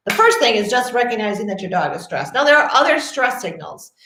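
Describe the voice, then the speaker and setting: A woman's voice: a little high, quick pace, hardly any pauses. Dog trainer lady chatting, acts out her clients, kinda echoey room. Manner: animated, acts out both sides of conversations. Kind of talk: casual storytelling to camera.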